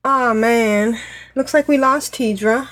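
A woman hosts a casual podcast in a fairly high voice, cheerful and giggly. She talks over an online call, and faint clicks sound behind her. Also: takes it slowly, fairly bright tone, slight background noise, low-quality recording. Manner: giggly, upbeat, playful. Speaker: podcast host.

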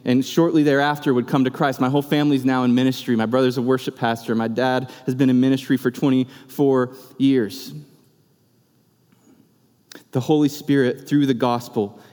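A man in his thirties from California tells his conversion story from the pulpit, earnest and unhurried, slowing on the key phrases. His voice sits in an ordinary middle register. It rings out with the long reverb of a big church auditorium. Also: mid-range voice, darkish tone. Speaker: preacher sharing testimony. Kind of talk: sermon testimony. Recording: long reverb of a large hall.

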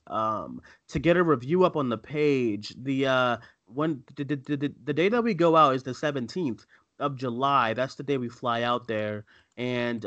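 A man's voice: mid-range voice, fairly bright tone, dry recording. A man co-hosting a live film podcast, chatting casually and rambling with many fillers and restarts. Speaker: podcast co-host. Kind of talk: casual live-show chat. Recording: dry, dull lo-fi sound.

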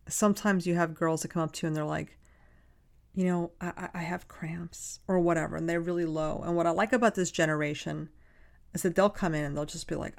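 A woman's voice: lowish voice, creaky. A woman co-hosting a podcast, making her points emphatically and acting out little quotes in casual chat. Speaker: podcast co-host.

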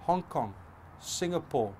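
Passionate preacher man, fairly high voice. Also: expressive, slow pace, darkish tone, a little hiss or hum. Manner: passionate, emphatic with rising repetitions. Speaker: pastor. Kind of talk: sermon.

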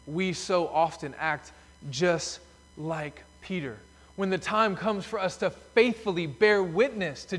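A man preaching a sermon as pastor in a church sanctuary, telling the story emphatically. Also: on the high side. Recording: long reverb of a church hall.

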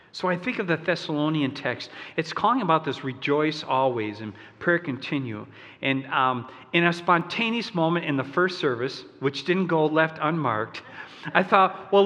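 A man's voice: on the high side, fairly bright tone. A male pastor preaching a sermon, talking in a loose, conversational way with fillers and asides, and leading his congregation in song. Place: church sanctuary. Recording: long church reverb.

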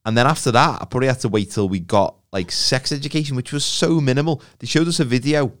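A man's voice: medium pitch, fast. A man, telling stories with jokes and acting out the voices in a casual podcast chat. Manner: jokey storytelling, acts out quotes. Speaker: podcast co-host.

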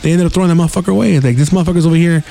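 Hosting a podcast on his own, a man spins casual stories full of profanity, slang and scattered Spanish words. His voice is fairly high and mellow, racing along with vocal fry.

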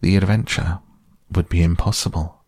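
A man's voice: deep voice, steady tone, normal speed, a little mellow, dry recording, clean studio sound. A man reading a storybook aloud, voicing a bossy, self-important male rabbit who lectures carefully. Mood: solemn.

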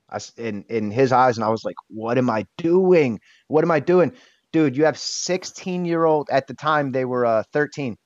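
Speaking in a mid-range voice, this thirty-something podcast guest recounts something personal with blunt, emotional candor. Casual swearing and frequent restarts mark his speech, and the audio is dry, dull and lo-fi.

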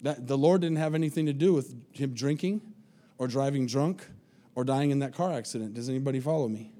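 A man's voice: mid-range voice, a little fast, mellow. A man preaching a sermon as pastor, earnest and pleading, often repeating words as he restarts his sentences.

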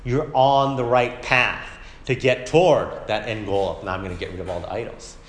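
A man's voice: lowish voice, normal speed, roomy sound, a little hiss or hum. A man who is a parent of young children, teaching a conversational Sunday school Bible lesson, often asking "right?" and acting out quotes. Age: adult, parent of young kids. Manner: animated, keeps asking "right?", acts out quotes. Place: church classroom.

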